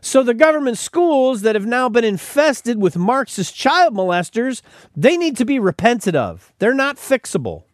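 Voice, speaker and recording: High, animated man ranting on a podcast. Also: normal speed, no room sound, studio quality. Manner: emphatic, repeats words when starting sentences. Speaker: podcast host. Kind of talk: opinionated commentary.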